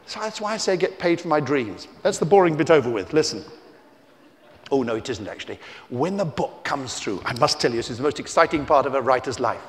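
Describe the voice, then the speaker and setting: A man, a children's author, telling stories to a young audience in a theatrical, teasing way, shifting between shouts and hushed asides, recorded on a tie-clip mic at an indoor festival venue. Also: mid-range voice, lively intonation, a little fast. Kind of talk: live storytelling talk to children. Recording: reverberant hall.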